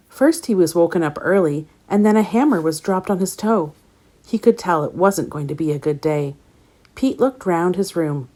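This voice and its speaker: A woman reading a children's story aloud in a gentle, expressive way. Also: lowish voice.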